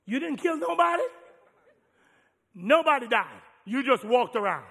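Guy doing a wide-eyed little boy firing questions at his dad, high and bright, big echoey hall. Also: breathy edge, heavily acted. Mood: incredulous. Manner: excited, rapid questioning. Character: eager young boy pestering his dad.

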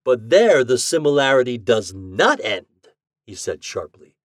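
A man reading an audiobook voices a cheerful, eccentric scientist who lectures with drawn-out emphatic stresses. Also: mid-range voice, sing-song, dry recording, clean studio sound. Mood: lecturing. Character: eccentric male scientist, cheerful self-declared mad genius.

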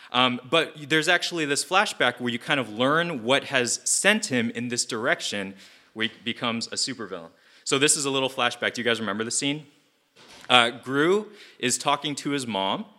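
A man preaching a casual, animated sermon to a youth group, often asking the audience questions. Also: mid-range voice.

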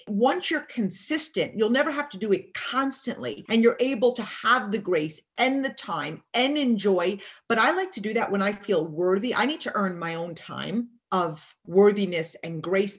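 A woman as an interview guest, talking emphatically about mindset and acting out people's thoughts in quotes. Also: medium pitch. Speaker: guest speaker. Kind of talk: motivational interview talk.

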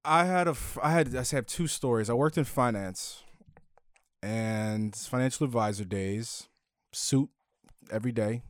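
A man's voice: mid-range voice, measured pace, no room sound, studio quality. A man co-hosting a podcast, telling laid-back stories in casual chat. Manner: storytelling, laid-back, mimics others. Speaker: podcast co-host.

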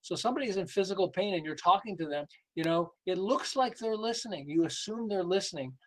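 Animated older man telling stories. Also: high voice, a little fast, slight background noise, poor audio. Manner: animated, acts out quoted voices, laughs often. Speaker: guest, sales and behavior coach. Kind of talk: lively interview storytelling.

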